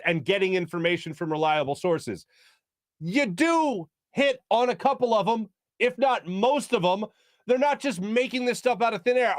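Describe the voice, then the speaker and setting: A man's voice: sits high, dry recording. A man hosting a sports talk show, giving casual, sarcastic, opinionated commentary and laughing at his own jokes.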